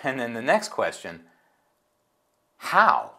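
A man's voice: medium pitch, huge pitch swings, takes it slowly, gravelly, pushed and bright. A middle-aged man from the United States hosting his political commentary show, talking in an indignant, sarcastic, conversational way. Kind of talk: opinion commentary monologue.

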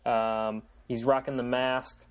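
A man's voice: medium pitch, level tone, slow, smooth. A man co-hosting a casual sports podcast, blunt and opinionated, swearing casually as he talks. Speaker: podcast co-host. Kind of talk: casual chat.

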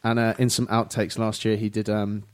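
A man's voice: on the low side, monotone, moderate pace, clean tone. A man with a British accent, a podcast co-host chatting casually and telling stories with dry wit. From Britain. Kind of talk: casual banter.

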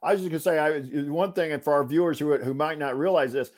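A man's voice: on the high side, quick pace. A man hosts a casual sports chat in a slightly raised voice. He is chatty and keeps jumping in with questions from the chat. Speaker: podcast host.

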